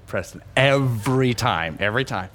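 A middle-aged man, a pastor telling a story in a sermon, animated and emphatic, often restarting his words. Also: mid-range voice, normal speed.

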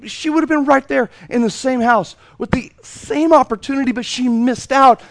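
A male pastor preaching a sermon, animated and playful, acting out the voices in a story and repeating words for emphasis. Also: very high voice, moderate pace, gravelly.

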